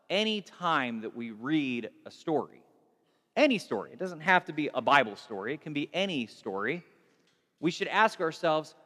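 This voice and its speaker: A pastor with a fairly high voice gives a relaxed, storytelling sermon, speaking conversationally, repeating words, restarting, and poking fun at himself. A long reverb from a large hall hangs on the sound.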